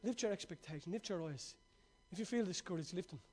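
High-voiced, fervent male preacher. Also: fast. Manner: swings from excited, laughing storytelling to hushed, urgent exhortation. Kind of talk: sermon.

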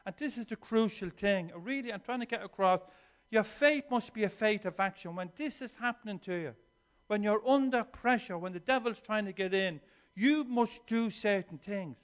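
High-voiced earnest male preacher. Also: moderate pace. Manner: earnest, swings between soft and emphatic, repeats words. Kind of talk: sermon.

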